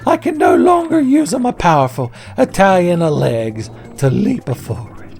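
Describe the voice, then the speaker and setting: A man doing a whiny, squeaky Mario. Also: sing-song, a little slow, vocal fry, a little mellow, faint music behind, exaggerated voice. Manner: high, whining, overdramatic mock voice. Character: whiny high-voiced cartoonish plumber hero, male.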